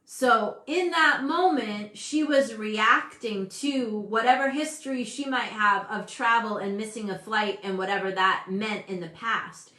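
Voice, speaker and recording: A woman in her fifties hosting a casual motivational talk, animated and emphatic, often breaking off mid-sentence. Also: fairly high pitch, measured pace, hardly any pauses. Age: 50s. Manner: animated, emphatic, self-interrupting. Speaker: host. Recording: echoey room.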